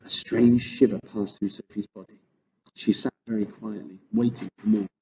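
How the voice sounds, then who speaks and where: A man calmly reading a children's book aloud. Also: lowish voice, normal speed, creaky, dull audio, crowd noise. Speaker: storyteller.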